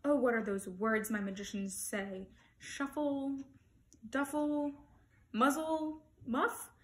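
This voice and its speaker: A proud, blustering old king from a picture book barks orders, voiced by a woman reading aloud. He speaks in loud, commanding bursts. The voice sits a little high. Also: fairly even intonation, takes it slowly, roomy sound. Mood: fretful.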